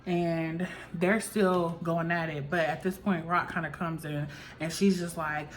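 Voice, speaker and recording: A woman's voice: fairly low pitch, flat delivery, measured pace, a little hiss or hum. A woman vlogger casually recapping a reality show episode in a chatty, gossipy way, full of "like" fillers.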